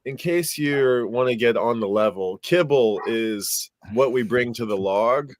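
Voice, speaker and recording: A man's voice: medium pitch, unhurried, dry recording. Rambling middle-aged man telling stories. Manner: rambling, animated storyteller with many fillers. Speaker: podcast co-host. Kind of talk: casual chat.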